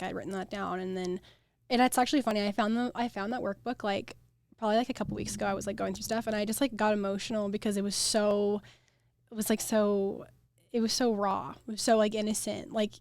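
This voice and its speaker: A woman's voice: medium pitch, fast talker, creaky, no echo. Chatty young American woman on a podcast. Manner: chatty, lots of "like" fillers, animated retelling. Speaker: flower farm owner, podcast guest. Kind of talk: casual interview chat.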